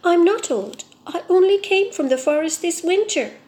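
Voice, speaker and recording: A longing storybook fir tree with a gently raised voice, earnest and dreaming of better days, as a woman reads him. He turns indignant when called old, but mostly he speaks in soft, wistful hope. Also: high-pitched, moderate pace.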